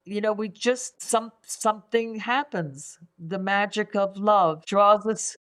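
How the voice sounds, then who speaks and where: Older woman, reflective and unhurried. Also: mid-range voice. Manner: warm, reflective, repeats words while searching. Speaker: guest, five element acupuncturist. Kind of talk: conversational podcast interview.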